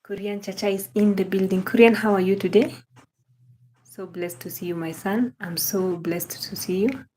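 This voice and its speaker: A woman's voice: mid-range voice, fairly even intonation, normal speed, warm tone, a little hiss or hum. A young Kenyan woman hosting a casual livestream, greeting viewers by name and gushing praise and thanks, repeating her phrases. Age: young adult. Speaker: livestream host.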